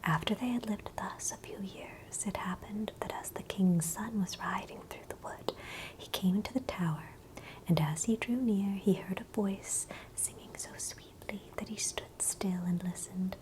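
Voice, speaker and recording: A woman telling a fairy tale as a slow, unvoiced whisper in a whispered role-play for sleep. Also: medium pitch. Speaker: ASMR storyteller.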